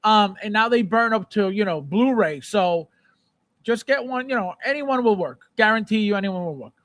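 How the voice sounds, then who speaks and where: A man with a high, bright speaking voice hosts a casual live stream and chats loosely with viewers. He talks in an animated way, says the same phrases again and again, and breaks into playful shouted bits. The sound is dry and close to the mic. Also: normal speed, no room sound. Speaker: livestream host. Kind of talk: casual live chat reading viewer comments.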